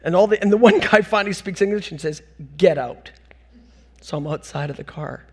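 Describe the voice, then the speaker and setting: On a conference hall stage, a middle-aged North American man gives a storytelling keynote, telling funny stories fast in a high, bright voice. His delivery is animated and self-mocking, and he laughs through his own punchlines.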